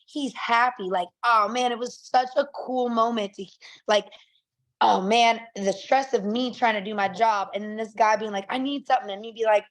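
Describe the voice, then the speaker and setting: Animated woman telling a story. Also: on the high side, normal speed. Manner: animated, laughs often, acts out quoted voices. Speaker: podcast guest. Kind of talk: casual storytelling.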